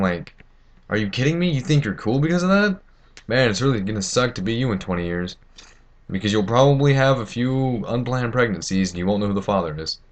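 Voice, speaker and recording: A teenage boy ranting to camera, indignant and rambling, with many fillers and restarts. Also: fairly low pitch. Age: teens. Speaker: vlogger. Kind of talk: opinion rant to camera.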